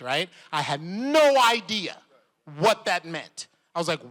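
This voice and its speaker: Man, convention panel guest, bright voice, lively storytelling, reverberant hall. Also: a little high, normal speed. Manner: animated, laughing, acts out voices.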